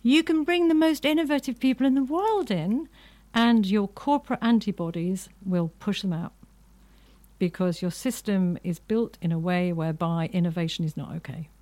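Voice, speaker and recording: A woman's voice: mid-range voice, normal speed, a little mellow. A middle-aged woman, a podcast guest, reflecting earnestly on her work in casual conversation.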